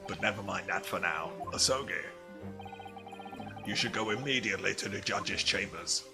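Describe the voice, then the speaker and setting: A man voicing a formal older male professor of forensic medicine, speaking in a measured way over game music. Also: fairly low pitch, gravelly. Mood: grave. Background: video game music.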